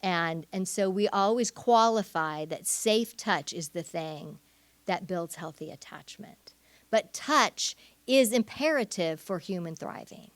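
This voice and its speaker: A woman's voice: lowish voice, lively intonation, measured pace, dry recording. Woman teaching casually in church. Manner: conversational, warm-hearted with frequent fillers and restarts. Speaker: church speaker.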